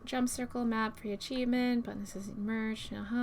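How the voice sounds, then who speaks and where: A woman streamer giving low-key, deadpan commentary while playing a game, talking at a desk mic. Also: a little fast, slight background noise. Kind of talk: casual gameplay commentary.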